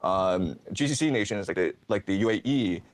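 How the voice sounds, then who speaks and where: A man's voice: low-pitched, lively intonation, normal speed. A man as a guest commentator giving political analysis, starting hesitantly and then explaining fluently.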